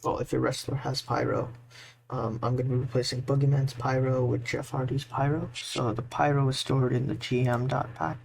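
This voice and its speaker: A man's voice: mid-range voice, little pitch movement, normal speed, creaky. A tired man giving a casual, rambling screen-recorded tutorial, full of fillers and restarts. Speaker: modding tutorial maker.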